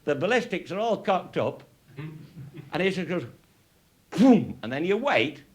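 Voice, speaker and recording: An older man from England spins crude shooting yarns, swearing freely and breaking into laughter. His voice swings widely and sits a touch high, and the recording carries a clear hiss of noise. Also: big pitch swings, moderate pace, a bit bright. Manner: salty, laughing, showing cartridges. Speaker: raconteur. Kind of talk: humorous storytelling to an audience. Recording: noisy live recording.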